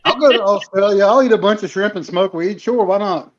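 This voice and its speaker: A man's voice: high voice, fairly quick, dull audio. A man from North Carolina chatting casually on a group video call, joking and rambling. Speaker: guest coffee streamer.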